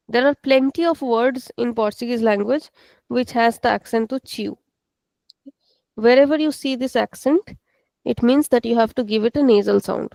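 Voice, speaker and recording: A woman's voice: on the high side, unhurried, vocal fry, a little mellow, dry recording. A woman teaching a live online class, patiently explaining and repeating words for her students. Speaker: Portuguese teacher.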